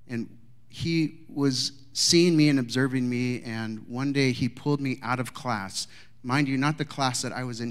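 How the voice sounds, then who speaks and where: A middle-aged man giving a sermon, telling a story and moving between quiet asides and raised, emphatic lines. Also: mid-range voice. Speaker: pastor.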